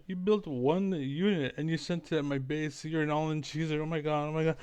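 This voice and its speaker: A man putting on the voice of a melodramatic male gamer who complains in a shrill, breathless panic. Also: fairly even intonation, a little fast, a little mellow, clean tone, dry recording, lightly acted. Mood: whiny panic.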